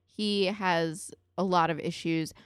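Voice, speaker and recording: A woman's voice: lowish voice, steady tone, slow pace, clean tone, dry recording, studio quality. A woman co-hosting a podcast, musing over a TV episode in casual chat, opinionated and full of fillers. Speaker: podcast co-host.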